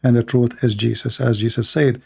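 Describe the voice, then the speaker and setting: A man hosting a livestream, preaching in short emphatic phrases, his voice worn and going hoarse. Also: medium pitch, little pitch movement, normal speed, darkish tone. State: losing his voice. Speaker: livestream host. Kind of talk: impassioned preaching monologue.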